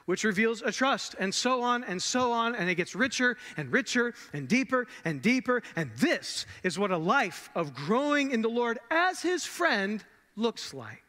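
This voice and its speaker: A man's voice: high-pitched, pushed and bright. A man preaching a sermon as a pastor, in a conversational way with rhetorical questions, with long church reverb. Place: church sanctuary.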